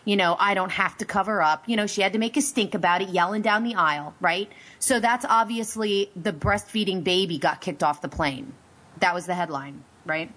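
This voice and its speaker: A woman hosting a casual talk show, opinionated and lively, her voice going high when she gets excited. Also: normal speed. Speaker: podcast host. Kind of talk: casual chat.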